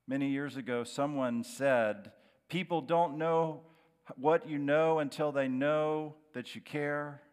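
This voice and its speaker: A middle-aged man preaching a sermon as a pastor, dramatic, dropping to a hushed, slow voice on key words. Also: a little high, clean tone. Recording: long hall reverb.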